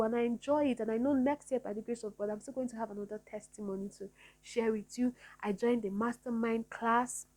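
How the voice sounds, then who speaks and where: A woman's voice: on the high side, darkish tone, low-quality recording. A woman talking earnestly to her viewers in a personal vlog, repeating her points to encourage them. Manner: earnest, repetitive, encouraging, faith-filled. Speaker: vlogger.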